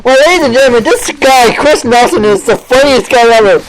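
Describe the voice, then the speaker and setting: A man's voice: extremely high pitch, lively intonation, fairly quick, a little hiss or hum, poor audio. A male podcast host ranting in a mocking, sarcastic way, over and over asking "seriously". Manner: sarcastic, keeps saying "seriously".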